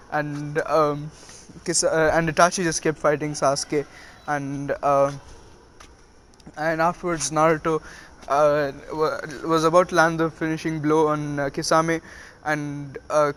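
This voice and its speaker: A man casually retelling a story with many halting fillers. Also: a little high, level tone, fairly bright tone, a little hiss or hum.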